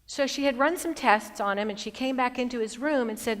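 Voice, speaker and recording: A middle-aged woman giving a motivational speech as a keynote speaker, an expressive storyteller who shifts between bright emphasis and hushed moments. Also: a little high, fairly quick. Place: large conference hall. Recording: long hall reverb.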